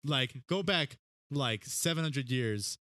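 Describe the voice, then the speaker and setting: A man's voice: mid-range voice, animated, takes it slowly, pushed and bright, no echo, studio quality. A young man as a podcast guest in casual chat, upbeat and filler-heavy.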